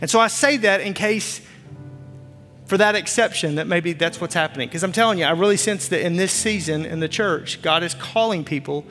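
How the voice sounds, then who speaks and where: Pastor, man in his 40s, very high bright voice, fervent repetitive preaching, reverberant church, faint music under. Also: a little fast. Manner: impassioned preaching, repeats phrases. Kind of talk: sermon. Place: church stage.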